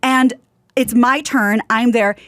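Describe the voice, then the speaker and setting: A woman co-hosting a podcast, telling a story in a lively, chatty way and acting out the people in it. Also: on the high side, takes it slowly, no echo, studio quality. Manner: animated storyteller, quotes people in lively voices. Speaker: podcast co-host. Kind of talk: casual storytelling chat.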